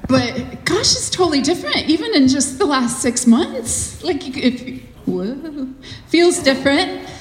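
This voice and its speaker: A woman with a high voice preaches to a congregation, chatty and animated, full of little fillers. Her voice rings out through a large church hall, with a long echo trailing after each phrase. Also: a little slow. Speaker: visiting speaker. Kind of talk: sermon. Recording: echoey hall from a distance.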